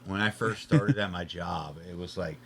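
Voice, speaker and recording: A man in a laid-back podcast chat, swearing casually. His voice is fairly low. A loud crowd carries on behind him. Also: moderate pace. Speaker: podcast guest.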